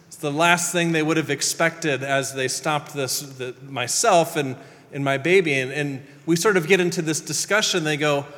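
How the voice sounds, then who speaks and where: Male pastor, thirties, slightly high voice, earnest sermon delivery, long hall echo. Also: brisk, a bit bright.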